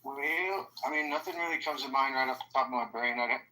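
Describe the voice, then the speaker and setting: A man's voice: medium pitch, brisk, noisy background. A man calling in to a live political chat, hesitant and full of ums, with casual slang. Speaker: caller.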